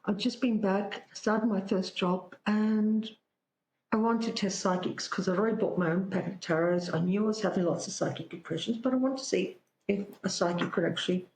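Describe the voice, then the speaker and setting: Her medium-pitched voice moves at a normal speed as this Australian woman, a psychic guest, animatedly recounts anecdotes in conversation and acts out the spoken dialogue. It's a rough recording from an echoey room, with a little hiss or hum.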